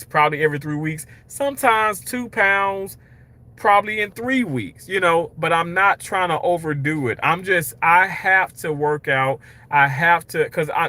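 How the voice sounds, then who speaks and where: Guy talking to his live chat off his phone, sharp bright voice, just rambling on upbeat. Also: on the high side. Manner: rambling, candid, upbeat self-talk with viewers. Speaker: livestreaming vlogger. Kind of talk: casual livestream chat. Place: outdoors at night, walking.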